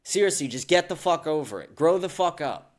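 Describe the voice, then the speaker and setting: A man's voice: fairly high pitch, expressive, a little fast. A man hosting a political podcast, ranting angrily with heavy profanity and repeated outbursts. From United States. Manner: profane, repetitive, shouting bursts. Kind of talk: angry ranting commentary.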